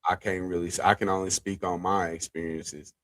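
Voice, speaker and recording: A man co-hosting a podcast, talking in a relaxed, reflective way and asking his co-host questions. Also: deep voice, brisk. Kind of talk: casual chat.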